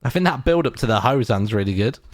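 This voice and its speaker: A man streaming casually, thinking aloud to himself as he edits audio, relaxed and musing. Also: medium pitch, quick pace. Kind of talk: casual commentary while editing audio. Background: music track playing from his editor.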